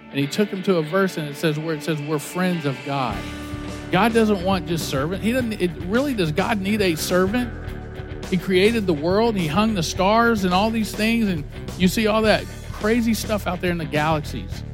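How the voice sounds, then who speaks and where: Animated preaching man, higher-pitched voice. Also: moderate pace, soft background music. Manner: animated storytelling, acting out dialogue. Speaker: pastor. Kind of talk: sermon.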